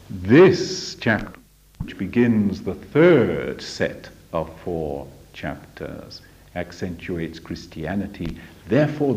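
A man teaching from a spiritual text in a deliberate, emphatic lecture, often asking rhetorical questions. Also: low voice, a little mellow. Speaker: religious study teacher. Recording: dull lo-fi recording.

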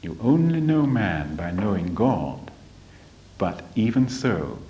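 A man teaching from a spiritual text in a deliberate, emphatic lecture, often asking rhetorical questions. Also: lowish voice, big pitch swings, slight background noise. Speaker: religious study teacher. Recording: dull lo-fi recording.

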